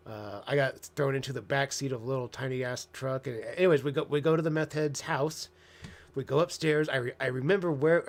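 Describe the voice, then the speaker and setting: A man telling a long personal story in a casual monologue, candid and profane, rambling with sarcastic asides. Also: medium pitch. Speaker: host.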